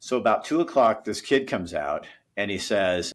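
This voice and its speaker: A man's voice: on the low side, lively intonation, moderate pace, few pauses. A middle-aged man, a former news anchor, telling an emotional story in an earnest way as a guest in a conversation.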